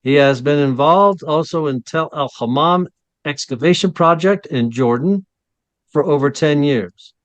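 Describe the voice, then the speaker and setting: A man hosts a casual interview, his voice sitting a bit high for a man. He rambles and trips over his words, laughing at himself. The sound is close and dry, with no room around it. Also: measured pace, no echo. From Ohio, USA. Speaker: host.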